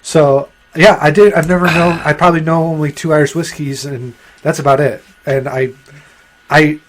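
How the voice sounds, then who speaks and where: Man, co-host, higher-pitched, halting delivery. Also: fairly even intonation. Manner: hesitant, restarting. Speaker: podcast co-host. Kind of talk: casual chat.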